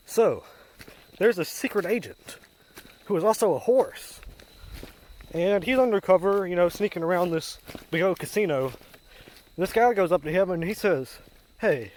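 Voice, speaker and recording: Man, slow, deadpan puns, rambling, outdoor phone recording, faint insect noise. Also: a little high. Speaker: comedian. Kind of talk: casual joke-telling on a walk. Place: outdoors on a rural walk.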